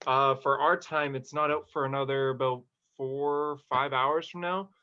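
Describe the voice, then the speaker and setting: A man's voice: mid-range voice, fairly even intonation, measured pace, bright, forceful tone, smooth. A young man hosting a podcast, upbeat and running through the segments in casual chat. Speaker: podcast host. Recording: dull lo-fi mic.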